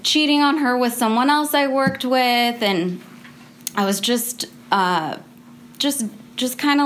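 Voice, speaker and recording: A woman's voice: medium pitch, a bit bright, a little hiss or hum. Rambling young woman telling a story. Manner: rambling, full of "like" fillers; laughs between phrases. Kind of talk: casual personal story.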